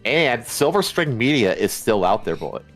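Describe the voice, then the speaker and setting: A man's voice: medium pitch, sing-song, moderate pace, fairly bright tone, soft background music. A man guest on a casual podcast, talking in rambling, repetitive runs and speaking bluntly. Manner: rambling, repeats himself, blunt.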